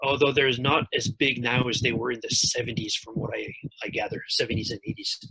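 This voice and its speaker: A man's voice: medium pitch, steady tone, fairly quick. Hesitant man with a noisy line. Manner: hesitant, many uh fillers. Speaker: guest, karate practitioner. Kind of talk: casual interview talk. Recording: noisy background.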